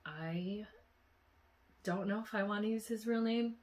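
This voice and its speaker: Young woman vlogging her dream, talks casually with lots of "like", a bit teary and breathy. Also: medium pitch, measured pace. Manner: tearful and breathy, with sighs and quiet laughs; chatty, full of "like" fillers. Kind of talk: emotional dream diary vlog.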